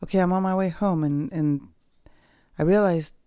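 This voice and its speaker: A woman's voice: on the low side, moderate pace, warm tone, dry recording, studio quality. A woman hosting a personal podcast from home, talking candidly in a rambling, reflective way with many fillers and restarts. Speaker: podcast host. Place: at home, dogs nearby.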